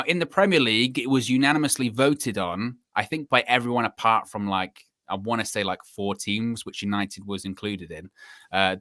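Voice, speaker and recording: A man hosting a casual live football chat stream, animated and repeating himself for emphasis. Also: medium pitch, no room sound, studio quality. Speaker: host.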